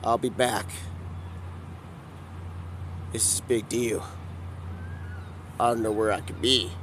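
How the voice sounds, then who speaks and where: A man's voice: medium pitch, fairly even intonation, slow pace, a bit bright, a little hiss or hum. Rambling, drawling man talking outdoors. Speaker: comedic vlogger. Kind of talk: improvised comedy skit.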